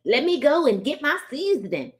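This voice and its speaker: Lady putting on a clueless braggart voice, all exaggerated and mocking, highish. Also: sing-song, normal speed. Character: mocking caricature of a clueless white person.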